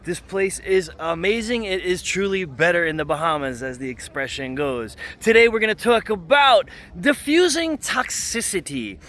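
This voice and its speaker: Male vlog host, high-pitched speaking voice, emphatic conversational delivery of workplace advice. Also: animated, moderate pace, hardly any pauses, fairly bright tone. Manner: emphatic, conversational, repeats points with "okay?". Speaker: leadership channel host. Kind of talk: casual talking-to-camera advice.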